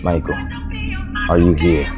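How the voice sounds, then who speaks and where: A man's voice: sits low, level tone, unhurried, over music. A young man hosting his own comedy vlog, rambling goofily and talking to himself. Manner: goofy, rambling self-talk. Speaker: host.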